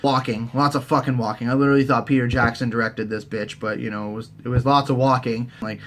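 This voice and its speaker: A young man, recapping a TV season in a casual, profane, jokey way and slipping into quick silly character voices. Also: medium pitch, steady tone, a little hiss or hum. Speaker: recap host.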